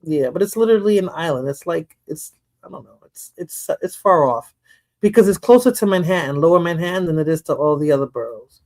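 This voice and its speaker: A woman's voice: low voice, lively intonation, a little fast, a little mellow. A woman from the Bronx hosting a casual chat, talking loosely, laughing often and trailing off into mumbles. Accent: New York. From the Bronx, New York. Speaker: host.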